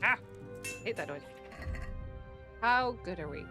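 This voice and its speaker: A woman's voice: medium pitch, lively intonation, takes it slowly, sharp tone, faint music behind. A woman chatting casually while streaming a game, giggly and swearing freely. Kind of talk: casual livestream chat while gaming.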